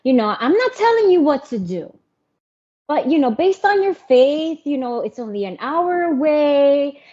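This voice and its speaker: A woman imitating a pushy middle-aged female church group leader with a Korean accent, sweetly insistent and pitched up. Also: very animated, unhurried. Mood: pressuring. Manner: sweetly insistent, high and bright. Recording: muffled lo-fi audio.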